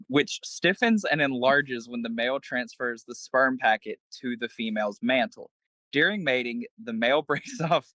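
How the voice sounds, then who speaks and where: A man's voice: medium pitch, a bit bright, no echo. A man co-hosting a casual podcast, teasing the others and giggling, sometimes stumbling as he reads facts aloud. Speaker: podcast co-host.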